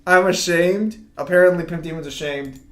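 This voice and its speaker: A man's voice: a little high, moderate pace, fairly bright tone. Man, casual gaming chat, teasing, laughs a lot, roomy echo. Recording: echoey room.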